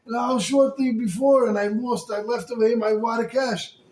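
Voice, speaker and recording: A furious, demanding grown man who shouts for his lost wallet in a raised, high voice, as a storyteller puts him on. The voice rings out in an echoey room with a faint hum behind it. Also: quick pace, close to an everyday voice. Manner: loud, demanding, aggressive. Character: angry robbed traveler, grown man.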